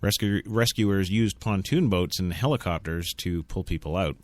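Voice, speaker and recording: A man's voice: sits low, moderate pace, hardly any pauses, no echo. An American man hosting a radio news talk show, reading stories with sarcastic jokes and frequent laughter. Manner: sarcastic, laughs often between lines. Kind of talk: irreverent news reading with joking asides.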